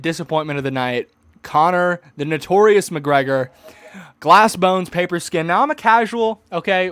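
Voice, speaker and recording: A young man in his twenties rambles through a fight recap in a high, light voice, stumbling and restarting mid-sentence and now and then bursting into mocking outbursts. The sound is dry and close, with no room around it. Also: fairly bright tone, clear, resonant tone, no room sound. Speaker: streamer recapping a fight event. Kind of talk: casual rambling commentary.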